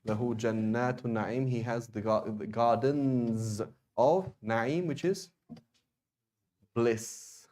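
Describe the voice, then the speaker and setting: A man's voice: mid-range voice, unhurried, a little mellow. A man teaching a beginners' Arabic class, explaining casually with frequent restarts and "right?" checks. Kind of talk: classroom lesson.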